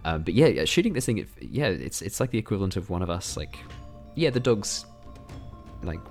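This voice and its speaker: A man acting as game master, narrating a tabletop game in a relaxed, chatty way and laughing often. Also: sits low, brisk, gravelly, over music.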